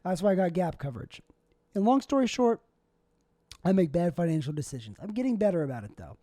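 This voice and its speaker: Rambling young man with a mellow voice. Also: sits high, sing-song, quick pace, no echo. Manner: rambling, self-deprecating, talks to himself. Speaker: podcast host and stand-up comic. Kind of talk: casual solo podcast monologue.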